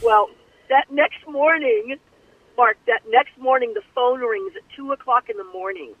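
An older woman telling her life story in an interview, animated and acting out the voices of the people she quotes. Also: fairly high pitch, unhurried, dry recording. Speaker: guest singer. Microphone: telephone. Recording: tinny phone line.

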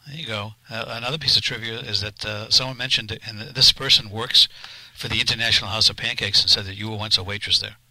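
Brief: male radio host, quick, dry close sound, lowish voice. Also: fairly even intonation, pushed and bright, dry recording, low-quality recording. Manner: brisk, reads listener questions. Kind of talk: radio interview.

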